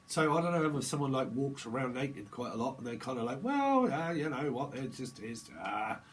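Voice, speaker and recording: A man talks through a tarot reading off the cuff, in a medium-pitched voice. He rambles and jokes, slipping into little acted-out conversations. A faint noise sits behind him. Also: brisk. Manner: rambling, joking, acting out imagined dialogue in voices; frequent fillers and laughter. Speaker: tarot reader.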